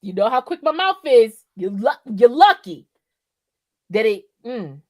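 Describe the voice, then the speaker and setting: A woman's voice: a little high, sing-song, a little slow, darkish tone, no echo. A woman co-hosting a podcast in casual, profane chat, rambling and often checking in with "right?". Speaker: podcast co-host.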